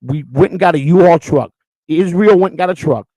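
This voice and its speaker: A man's voice: on the high side, fairly quick, mellow, dry recording. A man from the Chicago area hosting a show, telling a story in profane, rambling street talk. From Chicago area, USA. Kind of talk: casual storytelling.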